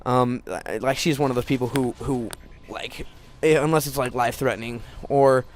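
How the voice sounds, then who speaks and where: A man's voice: medium pitch, normal speed, slight background noise. A teenage boy telling a personal story in a casual, rambling way, full of restarts and fillers.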